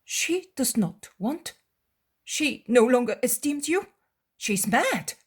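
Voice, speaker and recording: A woman's voice: high voice, sing-song, slow pace, husky, pitched above the performer's own voice, exaggerated voice. A woman voicing a young male apostle who presses with eager, insistent questions in a dramatized audiobook. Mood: defensive. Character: prying, anxious male apostle, young man.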